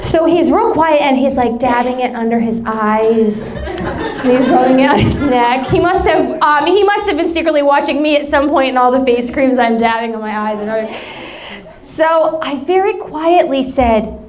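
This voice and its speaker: A woman's voice: sits high, normal speed, a crowd in the background. A woman in her thirties with an American accent, a pastor preaching a sermon and telling a family story with laughing asides.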